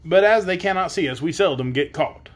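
A man voicing a stern, gruff invisible father in a storybook. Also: on the high side, expressive, fairly quick.

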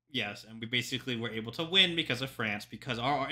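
A man's voice: mid-range voice, expressive, fast, sharp tone. A young man, a historian, reacting to a history video in casual chatty commentary with lots of ums and joking asides.

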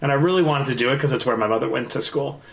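A man in his forties, a guest in a casual interview, telling personal stories candidly with quick bursts and restarts. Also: medium pitch, vocal fry. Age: 40s. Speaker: guest, investor. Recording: roomy echo.

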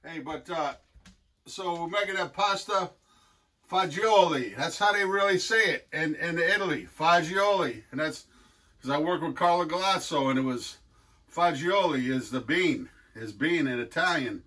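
A man's voice: on the high side, normal speed, sharp tone. An older man hosting a casual cooking demonstration, talking in a rambling, folksy way full of fillers and restarts. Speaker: cooking show host.

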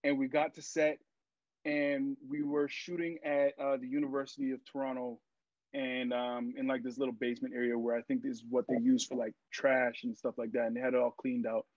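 A young man and actor, a podcast guest, telling stories in a casual interview, lively and full of fillers as he acts out what people said. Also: medium pitch, normal speed, no echo. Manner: animated storyteller, acts out quotes, many fillers. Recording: dry, muffled lo-fi sound.

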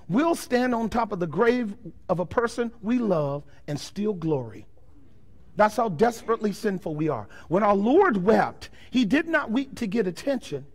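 A man preaching a sermon as pastor, firing rhetorical questions at his congregation and swinging between loud declarations and quiet, slow passages. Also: sits high, expressive.

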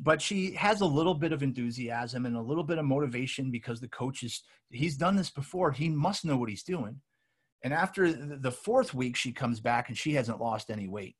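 A man giving an energetic talk to a live audience, telling stories with acted-out quotes and lots of restarts. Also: medium pitch, moderate pace, breathy edge. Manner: animated storytelling with acted-out quotes and many restarts. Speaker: weight loss coach presenter.

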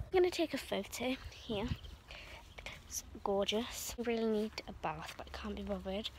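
Animated and at normal speed, this early-teen schoolgirl's mid-range voice comes through a very noisy recording from a phone camera held close. She vlogs casually at home, playfully chatting and speaking to her pets in a silly voice.

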